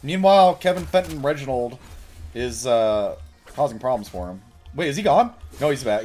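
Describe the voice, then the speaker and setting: A man giving live, excitable commentary while playing a video game, laughing and shouting commands to a pet. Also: mid-range voice, moderate pace, faint music behind. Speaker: game streamer.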